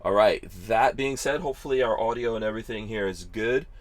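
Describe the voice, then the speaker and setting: A man's voice: lowish voice, a little fast. A man hosting a live podcast from his car, casual and joking, laughing easily with his guest. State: tired. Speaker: podcast host.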